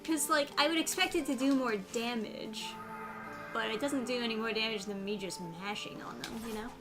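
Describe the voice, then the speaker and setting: A woman with a slightly high voice thinks aloud as she plays. Her manner is relaxed and conversational. Game music fills the background. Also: a little fast. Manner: easygoing, thinking aloud about gameplay. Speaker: player of the game. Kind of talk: casual let's-play commentary.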